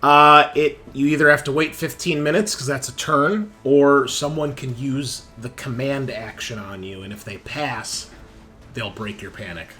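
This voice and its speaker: A man's voice: mid-range voice, steady tone, unhurried, pushed and bright, soft background music. A man running a tabletop role-playing game as game master, explaining rules patiently and narrating the action.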